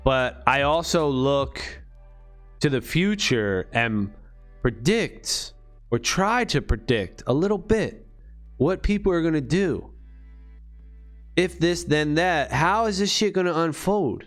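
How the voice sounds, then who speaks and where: A man's voice: fairly high pitch, expressive, slow pace, soft background music. A man talking to his channel in a rambling, profane monologue full of rhetorical questions. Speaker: crypto vlogger.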